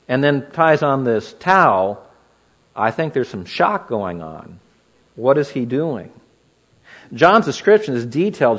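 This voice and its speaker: A man preaching an expository sermon, teaching verse by verse and asking the listeners rhetorical questions. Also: medium pitch.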